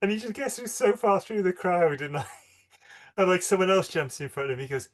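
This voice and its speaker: A man's voice: high-pitched, lively intonation, moderate pace. A man, co-hosting a casual film podcast and laughing as he retells favourite scenes. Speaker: podcast co-host.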